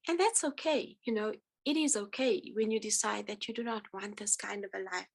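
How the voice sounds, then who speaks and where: A woman giving an earnest, halting personal testimony at a church support meeting, speaking with feeling and frequent pauses. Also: medium pitch, creaky, rough recording. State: emotional. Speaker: speaker sharing her testimony.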